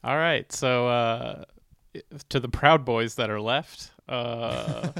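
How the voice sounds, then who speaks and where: A man hosting a comedy podcast, talking in a loose, rambling way with many fillers and pauses. His voice sits at an average pitch for a man and is recorded close and dry. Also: vocal fry, a bit bright, no echo. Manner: rambling, filler-heavy, laughing. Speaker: podcast co-host. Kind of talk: casual comedic chat.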